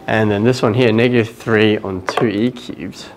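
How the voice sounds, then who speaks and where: A man's voice: on the low side, steady tone, moderate pace, noisy background. A man teaching a maths lesson in a casual talk-through, thinking aloud and often checking with "right?". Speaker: math teacher.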